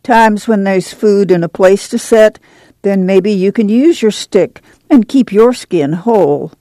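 A woman's voice: medium pitch, a little slow, mellow, no echo, lightly acted. A woman voicing a tough, determined mother of a poor migrant family, firm and plain-spoken, in an audiobook reading. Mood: stern. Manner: firm, blunt, plain-spoken rural drawl.

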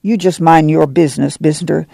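Man doing a weary migrant mother, firm, gravelly, mellow, dry close sound. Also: on the high side, fairly even intonation, moderate pace, dry recording.

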